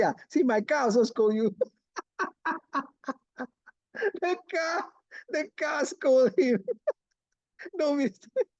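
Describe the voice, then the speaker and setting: A man's voice: very high-pitched, darkish tone, no room sound, lo-fi sound. A man giving a casual online lecture, chatty and laughing often, checking in with his students. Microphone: video call.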